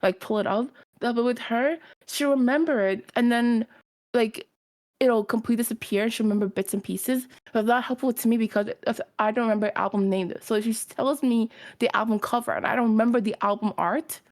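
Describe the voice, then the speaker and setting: A woman's voice: fairly high pitch, brisk. A woman co-hosting a stream, casually chatting and telling a story, acting out quotes and laughing often. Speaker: stream co-host. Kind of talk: casual chat while drawing.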